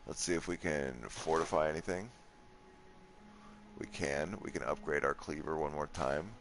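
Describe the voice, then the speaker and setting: Man, deep voice; laid-back gameplay commentator who thinks aloud. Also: moderate pace, a little hiss or hum. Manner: relaxed, thinks aloud, swears at enemies. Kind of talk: casual let's play commentary.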